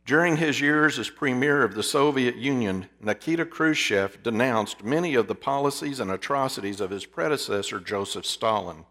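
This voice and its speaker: A man preaching a sermon, asking his listeners rhetorical questions and dropping to a hush for emphasis. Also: mid-range voice, moderate pace, few pauses. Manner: drops to a hushed voice for emphasis.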